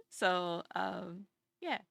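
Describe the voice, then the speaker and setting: Slow, gravelly-toned woman streamer. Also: fairly low pitch, pushed and bright, no echo, studio quality. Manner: rambling, halting with many fillers. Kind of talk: casual live-stream chat.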